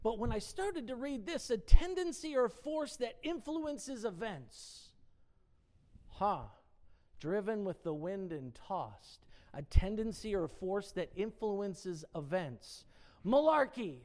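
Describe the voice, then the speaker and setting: Lively woman teaching from the Bible. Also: mid-range voice. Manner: reads definitions aloud, then asks the listener rhetorical questions; emphatic, dwells on single words. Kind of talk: casual devotional Bible teaching.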